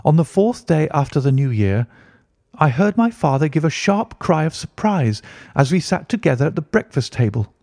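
A man reading a classic story aloud in steady, even scripted narration. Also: fairly high pitch, moderate pace, no room sound, studio quality. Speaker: audiobook narrator.

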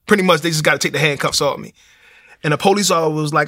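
Gravelly man telling his story. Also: a little high, very fast, pushed and bright. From Baltimore, USA. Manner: storytelling with acted-out dialogue. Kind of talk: personal testimony.

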